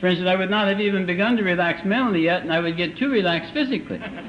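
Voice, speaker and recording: In a meeting hall, an older man with a high voice shares his recovery story, using dry, self-deprecating humor and slow, deliberate timing. It's a muffled old live recording with a noisy background.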